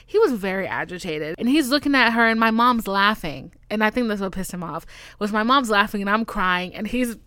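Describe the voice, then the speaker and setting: A woman in her twenties from the Caribbean, hosting a podcast and telling stories in a casual, animated way, dipping into whispers and high squeals. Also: brisk, clean tone, no echo, clean studio sound. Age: 20s. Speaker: podcast host. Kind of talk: casual storytelling monologue.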